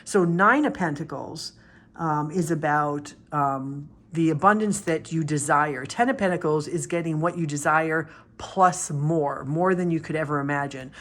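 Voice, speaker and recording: A woman reading tarot cards in a casual, blunt, animated way, swearing freely and acting out confrontations. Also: low-pitched, a little slow. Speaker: tarot reader and life coach.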